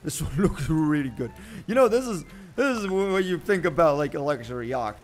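Young male game commentator, a bit high-voiced, hoarse and screamed-out, excitable and show-offy. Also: brisk. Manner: excitable, boastful joking. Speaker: gaming video host. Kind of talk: casual let's-play commentary.

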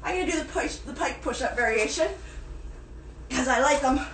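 High-voiced woman counting reps. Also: normal speed, a bit bright, slight background noise. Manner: counting reps aloud and cueing form. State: out of breath at times. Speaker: fitness instructor. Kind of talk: live-streamed workout class. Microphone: phone camera at a distance. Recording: echoey room voice from a distance.

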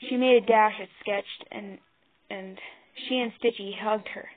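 A woman reading a fan fiction story aloud, halting and restarting over words, on a tinny phone-like mic. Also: medium pitch, fairly even intonation. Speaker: narrator.

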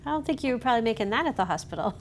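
A woman's voice: a little high, expressive. A woman hosting a panel over a video call, asking questions in an upbeat, encouraging way. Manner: upbeat, encouraging, quick reactions. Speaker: panel host, sales executive.

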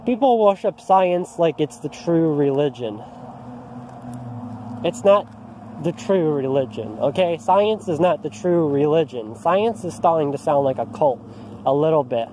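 A man's voice: fairly high pitch, warm tone, slight background noise. A man venting in an agitated, frustrated rant to camera, outdoors in an empty park, often restarting his sentences. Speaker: vlogger. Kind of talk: angry personal rant to camera.

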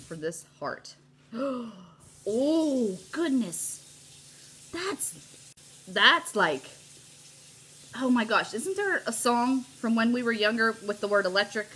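A woman's voice: a little high, expressive, takes it slowly, long pauses, a bit bright, a little hiss or hum. A middle-aged woman hosting a live crafting demo, bubbly and gushing as she chats with her viewers. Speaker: host of a live crafting stream.

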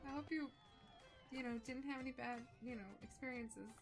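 A young adult woman chatting casually with viewers while playing a video game, animated and quick to exclaim. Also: sits high, music in the background. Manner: animated, shrieks when excited, drops soft when focused. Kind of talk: casual let's-play commentary chatting with chat.

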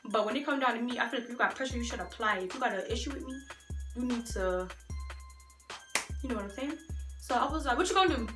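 A young woman vlogger telling a storytime tale in an animated, slangy way, talking straight to her viewers. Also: fairly high pitch, fast, pauses often, roomy sound, soft background music. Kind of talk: storytime vlog.

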